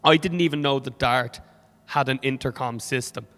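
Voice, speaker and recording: A man's voice: mid-range voice, moderate pace, a bit bright. A young Irish man doing stand-up comedy in a club, sardonic and full of swearing, with an Irish accent. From Ireland. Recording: hall reverb from a club stage.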